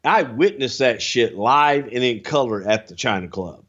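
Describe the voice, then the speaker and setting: A man on a casual podcast, animated and swearing freely as he tells a story and slips into quick impressions. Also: highs cut off. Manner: animated, swears freely, jumps into high-pitched impressions and singing. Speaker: podcast co-host telling stories.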